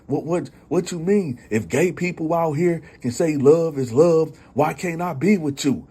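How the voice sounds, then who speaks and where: A creepy older family friend who wheedles and presses his case without letting up, put on by a male storyteller. The voice is mellow and a little husky, and it stays close to the teller's own. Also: on the high side, a little slow, voice pushed up. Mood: indignant. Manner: wheedling, insistent. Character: pushy creepy grown man, family friend.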